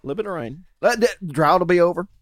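A man's voice: high voice, animated, fast talker, a bit bright. A man co-hosting a casual podcast, joking and laughing often as he chats. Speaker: podcast co-host. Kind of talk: casual chat.

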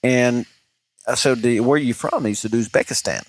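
A man's voice: mid-range voice, brisk. Man, podcast co-host, chatty and rambling storyteller. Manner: chatty, many restarts and fillers. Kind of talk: casual chat, rambling storytelling.

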